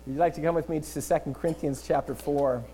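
Animated, higher-voiced male pastor. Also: quick pace. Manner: animated storyteller, often laughing. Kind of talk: sermon with a humorous story.

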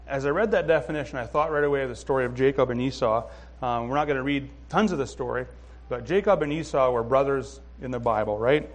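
A man's voice: mid-range voice, a little fast. A man giving an informal sermon, talking conversationally with fillers and restarts and often checking in with listeners. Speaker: preacher.

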